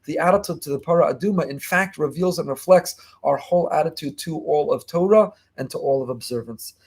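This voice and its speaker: A man giving a fast, emphatic Torah lesson as a rabbi, repeating key phrases. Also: on the high side, darkish tone, slightly rough. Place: online class.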